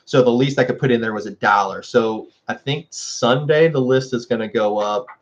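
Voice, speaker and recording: A man's voice: normal speed, lo-fi sound. A man hosting a casual livestream, chatting with viewers and laughing often. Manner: chatty, laughs often, scolds his dogs in a high voice. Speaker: livestream host.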